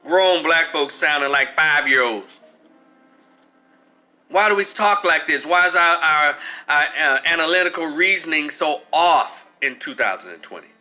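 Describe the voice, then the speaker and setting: High, bright-voiced man telling a profane story. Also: unhurried. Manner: animated, acts out voices, swears freely. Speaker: commentator.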